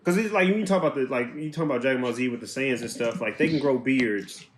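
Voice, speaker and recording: A man's voice: medium pitch, quick pace, slight background noise. Male co-host, inquisitive, rambling with fillers, roomy echo. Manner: curious, asks questions with lots of "like". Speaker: podcast co-host. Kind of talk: casual chat.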